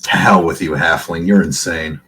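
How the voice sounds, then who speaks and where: A wary, blunt adventurer, as a man voices him in his own low voice, speaking dry and skeptical. A faint hum of noise sits behind him. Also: moderate pace, pushed and bright. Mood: scornful.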